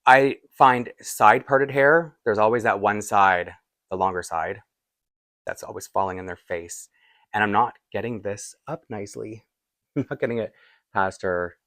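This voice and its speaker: Chatty Canadian man, low dry voice. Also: unhurried, fairly bright tone, dry recording. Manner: rambling, chatty, laughs often between asides. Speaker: doll collector vlogger. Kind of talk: casual unboxing chat.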